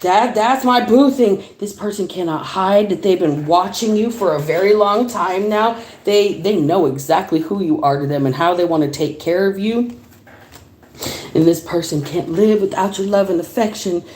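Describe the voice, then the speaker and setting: A woman giving a casual livestream tarot reading, chatty and animated, laughing often and swearing casually. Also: on the low side, moderate pace. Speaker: tarot reader. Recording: roomy echo.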